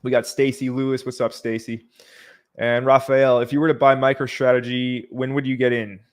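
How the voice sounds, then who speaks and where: A man hosts a casual livestream and talks over viewer comments at an easy pace, with fillers and small sighs. His pitch stays low-key and flat and barely moves. He sounds close to his microphone. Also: normal speed, smooth. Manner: relaxed, chatty, reads out viewer comments. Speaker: livestream host.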